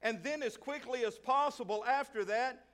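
A man preaching a sermon as pastor, emphatic and repetitive, swinging between loud stresses and quiet asides. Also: extremely high pitch, moderate pace. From Arkansas.

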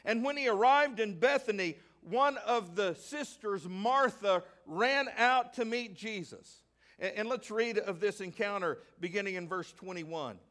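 Male pastor, high voice, Southern-raised, reads scripture, quizzes the congregation. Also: a bit bright. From American South. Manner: asks the congregation questions and answers them himself; reads scripture aloud at length, slowing on key words. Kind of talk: sermon.

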